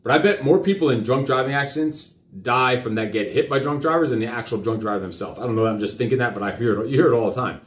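Middle-aged man, fast rambling lecture, questions to his kid, roomy echo. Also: medium pitch. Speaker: host. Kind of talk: live show talk with his child.

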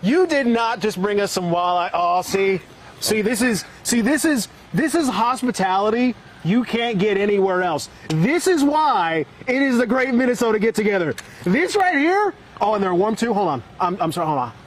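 A male morning TV reporter delivers a live segment outdoors with a bright, high-pitched voice. He keeps the banter upbeat and playful. A faint hum of outdoor ambience sits behind him. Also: animated, normal speed, poor audio. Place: outdoor food stand at a state fair.

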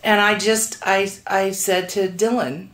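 A middle-aged woman on a podcast, telling an anecdote with lively voiced-out quotes as the interview guest. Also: unhurried. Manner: acts out quoted voices, swings pitch widely.

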